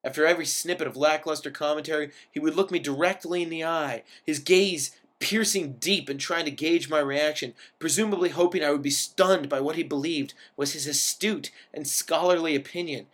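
A man's voice: on the high side, fairly quick, hardly any pauses. Wry man reading a story aloud. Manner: wry, expressive reading with sudden emphatic lifts. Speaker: reader of a story. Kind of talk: first-person story read aloud.

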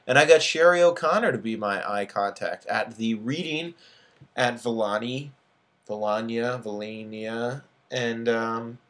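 A man in his thirties reads his own fiction aloud at a mid-range pitch. Between passages he drops into loose, casual asides, full of fillers. His delivery is unpolished and personal. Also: unhurried, fairly bright tone. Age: 30s. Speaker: author.

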